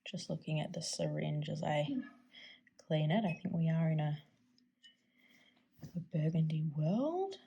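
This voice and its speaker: An Australian woman hosting a casual stationery video, chatty and enthusiastic, often dropping to a soft near-whisper. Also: low-pitched, little pitch movement, normal speed, creaky, muffled recording. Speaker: stationery channel host. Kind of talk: casual chat while swatching inks.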